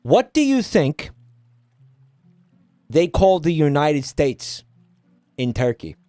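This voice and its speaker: A man's voice: on the high side, sing-song, takes it slowly, dark tone, no echo, soft background music. A man streaming and ranting at his chat, exasperated and swearing often. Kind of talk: casual stream rant.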